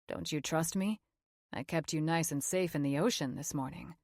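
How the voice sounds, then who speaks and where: A woman voicing a confident, teasing young man who coaxes gently, in a lowered, softer voice. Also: normal speed, no room sound, clean studio sound. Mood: coaxing. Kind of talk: audiobook character voice.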